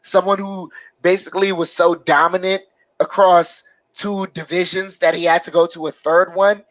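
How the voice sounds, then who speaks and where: A man co-hosting a loose live-stream sports talk, his voice sitting on the higher side. He rambles and hesitates, filling gaps as he thinks. The sound is dry and close, with no room echo. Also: little pitch movement, fairly bright tone. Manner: rambling, halting with many fillers. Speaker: co-host.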